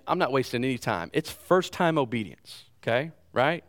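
Animated male pastor preaching. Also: mid-range voice, moderate pace. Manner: animated preaching with sudden loudness swings and repeated words. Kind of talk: sermon.

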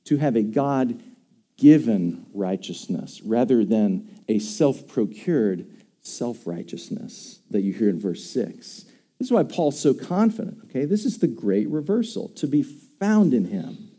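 Dark-voiced pastor preaching a conversational sermon. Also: male voice, medium pitch, sing-song, measured pace. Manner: conversational, emphatic, asks the congregation questions.

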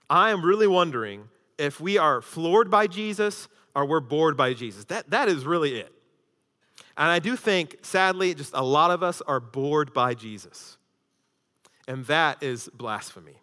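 A male pastor preaching in a church, his fairly high, bright voice rising to loud emphasis and then dropping to a hushed intensity. The sound carries a long reverb from the hall. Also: expressive, normal speed. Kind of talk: sermon.

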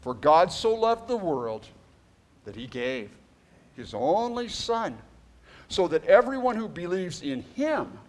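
Animated male pastor preaching. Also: a little high. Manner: emphatic, conversational asides while reading scripture. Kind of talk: sermon with scripture reading.

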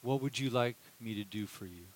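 A man voicing a gentle, compassionate teacher who speaks softly and tenderly. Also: medium pitch, fairly quick, pitched below the performer's own voice, close to an everyday voice. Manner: soft, hushed, tender.

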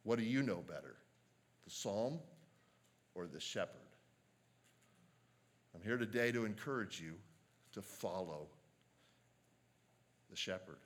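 Man, pastor, sermon, very deep voice, earnest, measured, emphatic. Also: lively intonation. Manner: earnest, measured preaching with slow emphatic quotes.

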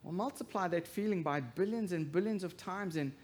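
A man preaching a sermon as pastor, swinging from hushed to loud emphasis and asking the congregation rhetorical questions. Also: high voice, a little fast.

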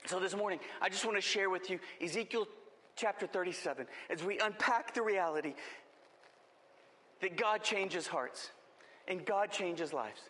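A man's voice: high voice, moderate pace, pushed and bright, long reverb tail. A man preaching a sermon as pastor, with impassioned, rising emphasis.

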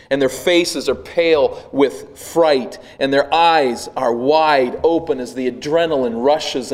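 Man preaching a vivid, dramatic sermon. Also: medium pitch. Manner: vivid dramatic storytelling, swelling and dropping to a hush. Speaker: pastor.

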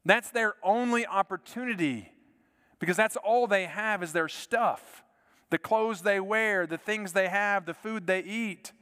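A male pastor preaching a sermon with an earnest delivery, repeating words and dropping to a soft hush to stress a point. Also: high-pitched, measured pace, smooth, big-room sound. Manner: earnest, repeats words, drops to soft quiet lines for emphasis.

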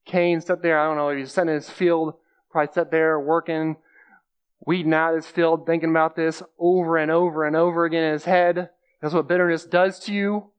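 A man's voice: on the high side, level tone, a little fast, clean tone. A man giving a conversational sermon, explaining scripture plainly and repeating key phrases for emphasis. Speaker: preacher.

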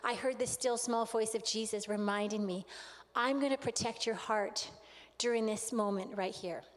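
A woman with a high voice tells a personal story from the stage in an earnest, animated sermon style. Her voice carries with a long reverb through a large hall. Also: normal speed. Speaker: speaker at a relationship conference.

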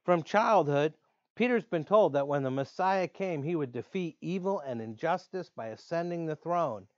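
A man preaching a sermon in an earnest way, slowing down to stress key words. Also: on the high side, lively intonation, darkish tone, no room sound. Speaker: pastor. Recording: dull lo-fi dry sound.

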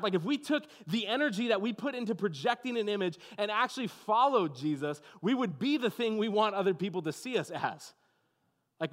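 Man, high voice, pastor, casual conversational sermon. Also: fairly bright tone. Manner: conversational preaching, many "like" and "you know what I mean".

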